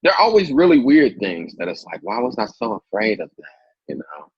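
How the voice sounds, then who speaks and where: Male comedian guest, deep raspy voice, animated storyteller, lo-fi audio. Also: moderate pace, no echo. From Indianapolis, Indiana. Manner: animated storyteller, acts out quotes in a much higher voice. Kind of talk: casual interview storytelling.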